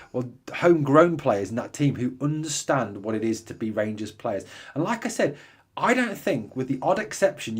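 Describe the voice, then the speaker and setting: A man's voice: medium pitch, slightly rough. A man hosting a live fan podcast, talking emphatically, repeating his points and asking listeners rhetorical questions. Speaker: podcast host. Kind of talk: live fan podcast chat, reading comments.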